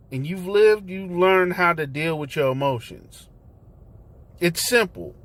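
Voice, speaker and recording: A man's voice: high-pitched, a bit bright, no room sound. A man hosting his own talk vlog from inside his car, speaking in a loose, conversational way with slang and fillers as he preaches his point. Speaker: host.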